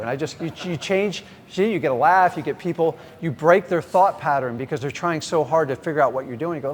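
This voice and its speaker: A middle-aged man teaching a live seminar. He is energetic and direct, often questions the audience and then answers himself. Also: a little high, fast talker, hardly any pauses. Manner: energetic, direct, acts out sample conversations. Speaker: real estate investing trainer. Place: large event hall with a live audience. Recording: echoey hall, faint background noise.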